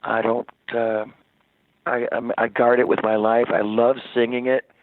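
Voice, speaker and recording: A man, a rock singer as interview guest, telling stories in a rambling, animated way with many restarts, over the phone. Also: mid-range voice, unhurried, dry recording. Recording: tinny dry phone line.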